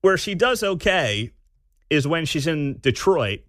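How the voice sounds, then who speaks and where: A male talk radio host who comments with sarcasm and swings his pitch all over. His voice is bright and forward. The studio sound is dry and close. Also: a little slow, no room sound. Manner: animated, sarcastic, mocking.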